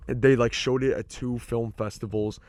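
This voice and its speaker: A young man co-hosts a podcast, speaking at a moderate pace in a mid-range, slightly mellow voice with fairly even intonation. His casual chat rambles with plenty of fillers and free swearing.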